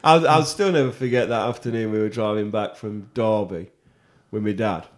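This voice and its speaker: A man's voice: on the low side, normal speed. A young man co-hosting a casual podcast who often laughs and swears easily. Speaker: podcast co-host. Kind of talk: casual chat.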